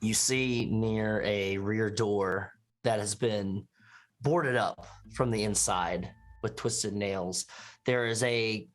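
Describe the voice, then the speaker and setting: A man's voice: lowish voice, fairly even intonation, slow pace. A man narrating a scene in a tabletop game in vivid, cinematic detail. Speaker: player.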